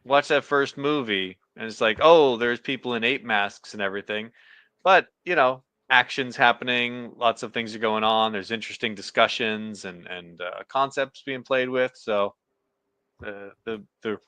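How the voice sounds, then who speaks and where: Bright, crisp-voiced man. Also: medium pitch, a little slow, no room sound, poor audio. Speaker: podcast co-host. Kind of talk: casual chat about movies.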